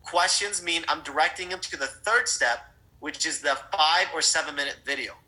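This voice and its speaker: A middle-aged network marketing trainer tells a story in a sales training talk, speaking animatedly and straight to his audience while often restarting and repeating words. His voice is on the high side at normal speed, and the audio is poor.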